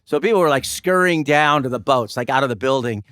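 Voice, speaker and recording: Energetic man hosting a podcast. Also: medium pitch, smooth, no room sound, clean studio sound. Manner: energetic, quick storyteller. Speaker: podcast host. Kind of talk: casual podcast storytelling.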